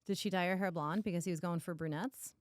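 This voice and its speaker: A woman's voice: on the low side, fairly even intonation, fast talker, dry recording, clean studio sound. A young woman co-hosting a podcast in casual chat, reacting with short playful quips. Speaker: podcast co-host.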